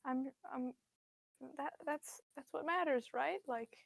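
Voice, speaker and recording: A woman playing a frail, tender old mother, hushed and high. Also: vocal fry, no room sound, exaggerated voice. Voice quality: soft, hushed, wavering. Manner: halting, soothing. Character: frail, thin aging mother, gentle and tender.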